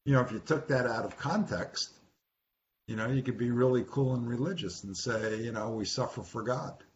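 A man's voice: mid-range voice, normal speed. A man leading an informal Bible study, teaching conversationally and asking the group questions. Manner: conversational, repeats words, asks the group questions. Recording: dull lo-fi recording with faint hiss.

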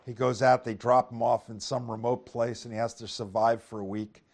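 A man in the middle of a Bible teaching, his voice sitting at an ordinary middle pitch. He reads old-fashioned scripture verses aloud and then explains them plainly. He keeps checking in with his listeners through rhetorical tag questions and stumbles into easy restarts. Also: little pitch movement, moderate pace. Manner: reads scripture aloud in King James wording; conversational with frequent restarts. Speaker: preacher.

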